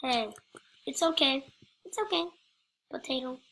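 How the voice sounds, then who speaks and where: Goofy woman narrating her game, high bright voice, takes her time. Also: a little slow. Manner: goofy, rambling, talks to other players. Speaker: gameplay commentator. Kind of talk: playful gameplay commentary.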